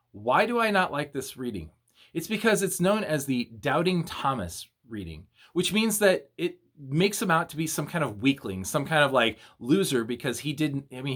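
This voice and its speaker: A young man, a youth minister, giving a casual video devotional and retelling a story in an animated, slangy way. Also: mid-range voice.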